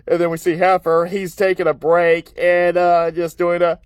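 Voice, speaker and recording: A man's voice: sits high, monotone, moderate pace, smooth, no room sound. A man casually recapping a cartoon episode, chuckling often and rambling with filler words and restarts.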